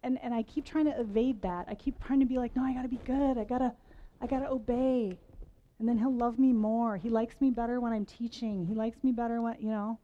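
A woman's voice: a little high, fairly even intonation, a little fast, highs cut off. A woman in her forties giving a conversational sermon to a women's gathering, candid and self-mocking, laughing between lines. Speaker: women's event speaker.

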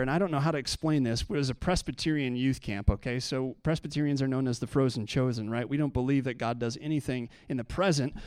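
A man's voice: mid-range voice, darkish tone, smooth, dry recording, studio quality. Man preaching with rising passion. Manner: confessional storytelling building to impassioned preaching. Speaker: pastor. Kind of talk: sermon.

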